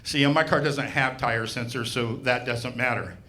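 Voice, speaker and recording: A man's voice: mid-range voice, fairly even intonation, moderate pace, bright, forceful tone. A man doing stand-up comedy at a live venue, telling a story in an exasperated, sardonic way. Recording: live show recording, room noise.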